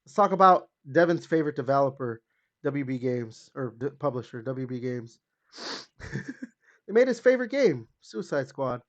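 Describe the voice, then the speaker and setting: A man's voice: lively intonation, normal speed. A man hosting a gaming podcast in casual chat, chatty and hedging with lots of fillers. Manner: chatty, hedging with fillers, rises and drops in pitch. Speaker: podcast host. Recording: slightly dull lo-fi sound.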